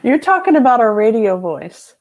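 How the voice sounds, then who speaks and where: A woman's voice: on the high side, big pitch swings, moderate pace, a little mellow, dull audio. A woman co-hosting a casual business chat, giving brief friendly reactions and laughing easily. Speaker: co-host of a business talk show.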